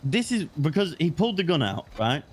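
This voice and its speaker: A man's voice: fairly high pitch, a little fast, husky. A man with a British accent playing a police officer in role-play, retelling events with plenty of swearing. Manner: swearing, storytelling, animated retelling. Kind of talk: in-character role-play chat.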